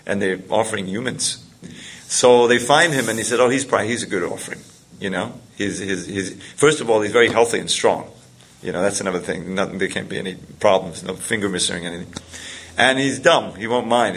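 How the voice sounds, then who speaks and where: A man's voice: on the low side, fairly bright tone, slightly rough. A man telling a scripture story in a rambling way, with many restarts and chuckles. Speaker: spiritual teacher. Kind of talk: storytelling talk to a group.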